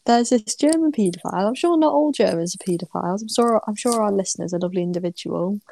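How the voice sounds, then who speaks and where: A woman's voice: mid-range voice, quick pace, gravelly, warm tone. An English woman co-hosting a podcast, chatting casually and teasing her co-host. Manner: laughs along, teasing. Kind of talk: casual comedic chat.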